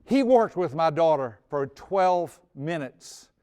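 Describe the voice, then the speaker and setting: A man's voice: fairly high pitch, animated, slow pace, a little mellow, clean tone. A man in his sixties telling a personal story on stage before an audience, folksy and humorous, sometimes repeating his words. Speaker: speaker on personality types.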